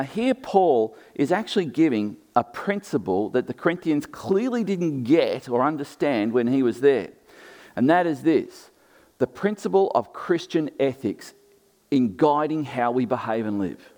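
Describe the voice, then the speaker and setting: A man in his thirties preaching a sermon, expressive, moving between emphatic and quiet delivery. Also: medium pitch.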